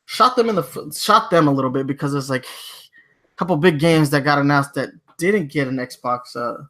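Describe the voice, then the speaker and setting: A man's voice: on the high side, moderate pace. A man co-hosting a casual gaming podcast, talking loosely and acting out quotes. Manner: loose and animated, acts out quotes. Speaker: podcast co-host. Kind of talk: casual chat.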